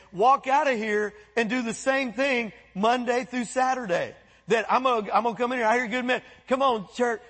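High-voiced husky preacher in a reverberant church. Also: male voice. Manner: animated preaching with quoted voices and asides. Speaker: pastor. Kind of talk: sermon. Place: church sanctuary.

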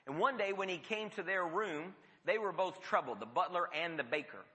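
A male preacher with a fairly high, very bright, cutting voice that carries through a reverberant hall. He preaches in a storytelling way and drops to hushed tones for emphasis. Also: animated, moderate pace. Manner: storytelling with sudden drops to a near whisper. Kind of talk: sermon.

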